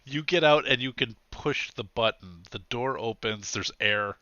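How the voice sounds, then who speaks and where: A man narrating a tabletop game as game master, lively and joking, often laughing. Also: mid-range voice, measured pace, dry recording, highs cut off.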